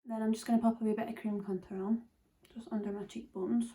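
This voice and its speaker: Talking fast in a flat, warm voice that leans high, a Scottish beauty vlogger aged nineteen walks through her makeup tutorial. She keeps it casual, peppering her speech with fillers and whispering now and then.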